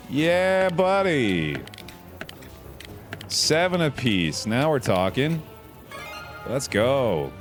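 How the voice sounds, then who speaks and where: Laid-back man streaming a game. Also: mid-range voice. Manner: laid-back, chatty, calls chat dude and bud. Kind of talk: casual gameplay commentary.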